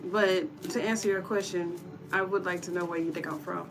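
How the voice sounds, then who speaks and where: A woman's voice: fairly low pitch, steady tone, moderate pace, music in the background. A woman giving a casual tarot reading to her viewers, chatty and encouraging, calling them y'all. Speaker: tarot reader.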